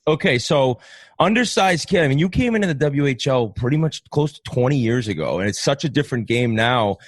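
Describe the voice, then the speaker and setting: Blunt podcast host, dry studio sound. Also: male voice, medium pitch, lively intonation, brisk, dry recording. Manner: blunt, joking questions with swearing. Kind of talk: casual interview chat.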